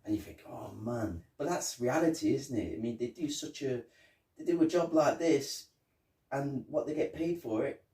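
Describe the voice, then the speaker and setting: A man's voice: mid-range voice, animated, normal speed, warm tone. A man co-hosting a podcast, chatting casually about a TV episode and acting out lines from scenes. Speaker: podcast co-host. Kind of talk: casual chat reviewing a TV episode. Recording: roomy, distant mic.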